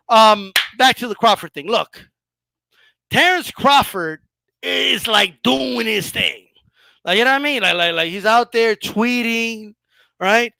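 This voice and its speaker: A man hosting a casual boxing talk show, ranting in an animated, profane and mocking way. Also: high voice, gravelly, dry recording. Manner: animated, profane, mocking, frequent laughs and "bro". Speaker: boxing commentator host.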